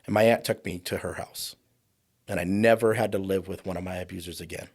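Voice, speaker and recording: A man's voice: deep voice, steady tone, fairly quick, breathy edge. A man in his forties, a guest on an interview show, telling a personal story vividly and acting out the voices of people in it. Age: 40s. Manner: vivid storyteller who acts out quoted voices. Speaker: guest, trauma coach.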